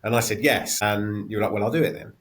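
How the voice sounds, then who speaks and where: A man's voice: lowish voice, fast, fairly bright tone. A man hosting a podcast interview, rambling a little and restarting as he frames his questions. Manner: rambling, restarts often while framing questions. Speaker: podcast host. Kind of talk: casual interview conversation.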